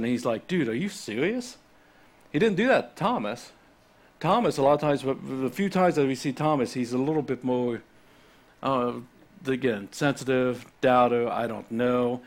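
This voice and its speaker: A man delivering a sermon in a relaxed, conversational way, talking through scripture and stopping often to explain it. His delivery is animated and off the cuff, and he restarts his sentences often. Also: mid-range voice. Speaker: pastor.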